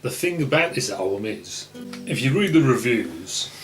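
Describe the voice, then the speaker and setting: A man's voice: mid-range voice, big pitch swings, moderate pace, fairly bright tone, rough recording. Offhand man chatting about music. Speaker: co-host reviewing an album. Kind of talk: casual chat.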